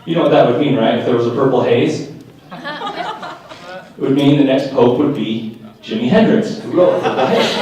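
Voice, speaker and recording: A man performing live stand-up comedy, animated and slipping into mock voices for his characters. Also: medium pitch. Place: live venue with audience. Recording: echoey room, picked up from a distance.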